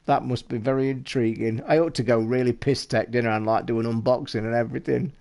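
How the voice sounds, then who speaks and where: A British man chatting casually on a live stream, talking to his viewers in an excitable, rushed way and swearing constantly. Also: medium pitch, creaky. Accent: British English. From United Kingdom.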